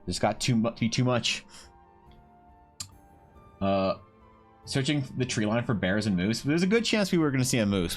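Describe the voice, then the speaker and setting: A man streaming and chatting casually, rambling and swearing with lots of restarts. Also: lowish voice. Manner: rambling and profane, many restarts. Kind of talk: casual chat while drawing on stream.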